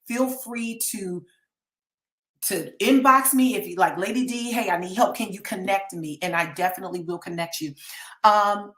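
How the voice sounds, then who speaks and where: A woman's voice: medium pitch, normal speed, fairly bright tone, roomy sound. A woman counselor, talking earnestly to viewers on a live stream and pleading with them to get help. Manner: earnest and pleading, reads out names from chat.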